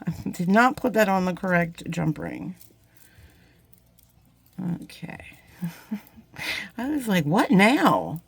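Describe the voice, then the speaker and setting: A woman's voice: medium pitch, dry recording. A woman chatting casually while demonstrating a jewelry craft, rambling and getting sidetracked in a friendly way. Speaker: jewelry-making YouTuber. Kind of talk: casual crafting tutorial chat.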